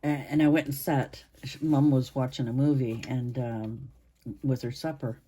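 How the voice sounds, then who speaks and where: A woman in her sixties hosting her own channel, chatting to camera in a rambling way with pauses and restarts, her voice hoarse and interrupted by coughs. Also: very deep voice, steady tone, mellow. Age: 60s. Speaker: channel host. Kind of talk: casual chat to camera.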